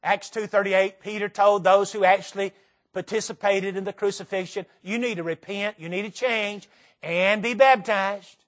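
High-voiced Southern preacher, earnest and emphatic. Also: male voice, fairly even intonation, a bit bright. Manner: earnest, repetitive, slow emphatic phrases. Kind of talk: sermon. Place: church sanctuary.

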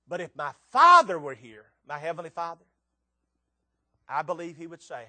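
A man preaching a sermon, swinging between loud emphatic lines and hushed, tender ones. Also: a little high, very animated, fairly quick, dry recording. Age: 60s.

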